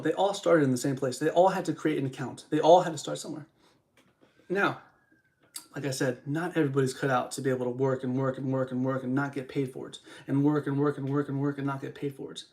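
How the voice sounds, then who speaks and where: A young man's mid-range, slightly mellow voice drives a rambling, casual motivational monologue on his live-streamed podcast. Using a studio microphone, he repeats phrases and talks to his viewers.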